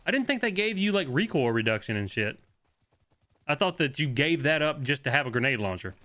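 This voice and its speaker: A young man comments on his own gameplay with an excitable, swearing energy. His voice is bright and sharp, and it swings widely in pitch as he reacts. Gunfire crackles behind him. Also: a little fast. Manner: excitable, swearing, laughing, answering chat. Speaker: game streamer.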